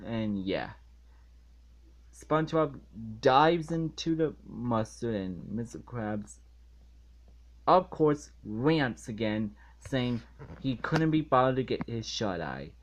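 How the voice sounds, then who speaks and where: A man giving a ranting episode review in an exasperated, halting way, often restarting his phrases. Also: mid-range voice, expressive. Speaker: online reviewer.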